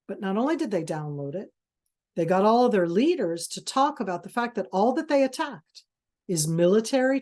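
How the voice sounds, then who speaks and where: A woman's voice: a little high, darkish tone. A woman giving a passionate webinar talk, intense and emphatic, stopping and restarting as she searches for words. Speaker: webinar speaker. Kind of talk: passionate lecture. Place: video call.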